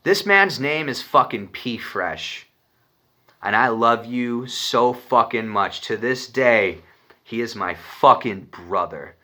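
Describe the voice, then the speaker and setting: A man's voice: medium pitch, expressive, slow, sharp tone. A young man from Arizona telling a personal story in a rambling, profane, casual way. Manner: profane, rambling, laughs when nervous.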